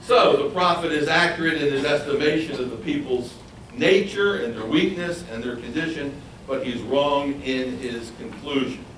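A man preaching a Bible sermon, animated and acting out the quoted voices. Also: normal speed, slight background noise. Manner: animated, acts out quoted voices in a higher pitch. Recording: echoey room, voice from far off.

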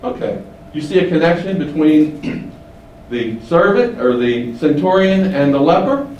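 A man teaching the Bible, explaining and asking rhetorical questions, shifting his pitch for emphasis. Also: sing-song, unhurried, a little mellow, lo-fi sound. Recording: echoey room, distant mic, faint hiss.

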